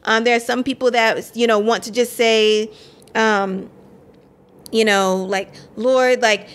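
A woman in her thirties with a high voice talks to the camera about faith with fervent, rising conviction. She laughs often and leans heavily on "like" as she builds her point. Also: level tone, a little slow, fairly bright tone. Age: 30s. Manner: impassioned, laughing, heavy use of "like". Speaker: Christian vlogger. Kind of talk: earnest faith talk to camera.

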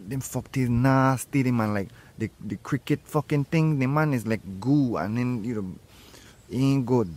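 A man's voice: mid-range voice, moderate pace, darkish tone. Mock-serene guru, man. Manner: serene, preachy, mock-solemn. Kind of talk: comedy sketch, mock spiritual guru.

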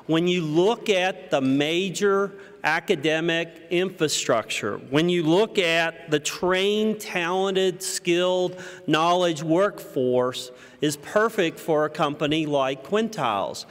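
Hoarse man giving a keynote. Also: slow pace, hardly any pauses. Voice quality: deep husky voice. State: hoarse from a cold. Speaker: keynote speaker. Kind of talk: conference keynote speech. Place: large conference hall. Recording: long reverb of a conference hall.

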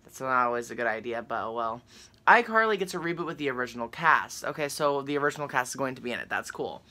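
A young woman chatting casually to her viewers and reading a news article aloud, excitable and full of fillers. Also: a bass voice, fast. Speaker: vlogger.

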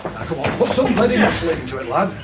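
Wrestling coach, gruff and bossy, kinda high voice, noisy old doc sound. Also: male voice, very animated, fast, muffled recording. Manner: gruff, barking orders. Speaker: wrestling trainer. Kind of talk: coaching instructions. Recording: noisy archive documentary sound.

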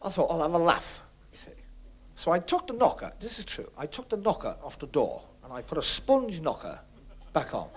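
A man doing stand-up comedy on a 1970s TV stage, telling quick jokes with punchlines. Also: big pitch swings, slightly rough. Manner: brisk punchline delivery with big pitch swings. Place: TV studio stage with audience.

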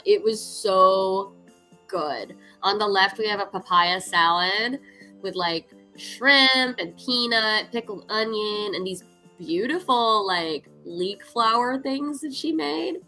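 A woman's voice: mid-range voice, bright, forceful tone, low-quality recording. A woman hosting a cooking livestream, chatting casually and upbeat with her viewers, laughing often and using lots of "like". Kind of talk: casual chat to stream viewers.

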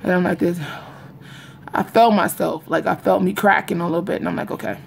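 Young woman, casual vlogger, gravelly voice, confiding and repetitive, faint background noise. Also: fairly low pitch, fairly even intonation, fairly quick. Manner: rambling and confiding, repeats herself, addresses viewers as y'all. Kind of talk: casual vlog chat to viewers. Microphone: phone or webcam in front of her.

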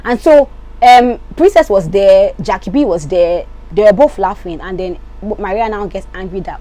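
A woman's voice: medium pitch, normal speed. A woman, chatting casually as she recaps reality show gossip with lots of asides. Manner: chatty, animated, lots of "you get me".

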